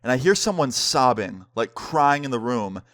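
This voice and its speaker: Young guy telling a storytime, mid-pitched voice, slangy and chatty, dry close sound. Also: sing-song, moderate pace, fairly bright tone, dry recording. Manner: casual, slangy, heavy use of "like" and "dude"; acts out both sides of conversations. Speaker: vlogger. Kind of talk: storytime narration.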